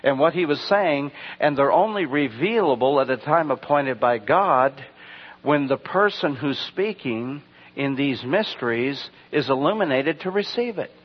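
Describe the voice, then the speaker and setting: A man's voice: medium pitch, expressive, measured pace, slightly rough. A man preaching a sermon, telling rambling stories and asking the congregation rhetorical questions. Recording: dull lo-fi recording.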